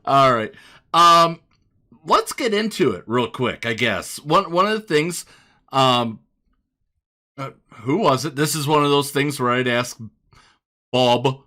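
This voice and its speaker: Slow-talking bright American host. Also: male voice, mid-range voice, animated. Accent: Northern American. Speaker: podcast host. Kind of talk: casual chat.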